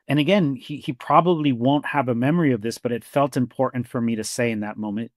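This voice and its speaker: A man's voice: medium pitch, a little fast, few pauses, a little mellow, no echo, studio quality. Reflective male therapist telling stories. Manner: reflective storyteller who acts out quoted dialogue, with frequent "you know" and "like". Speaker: therapist and podcast co-host. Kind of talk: conversational podcast discussion.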